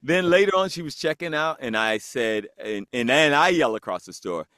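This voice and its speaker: Man, podcast guest, casual storytelling, acts out quoted voices, very lively pitch, dry sound. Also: moderate pace, no room sound.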